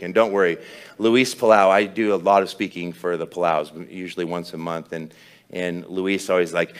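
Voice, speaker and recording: A man with a fairly low voice preaching a sermon, telling a personal story with humor and self-deprecation. His delivery is conversational, with restarts and asides. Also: flat delivery, normal speed, clean tone. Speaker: pastor.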